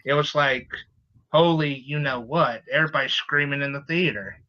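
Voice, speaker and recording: A man co-hosting a live web show, talking casually and haltingly. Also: mid-range voice. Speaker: co-host. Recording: dull lo-fi line.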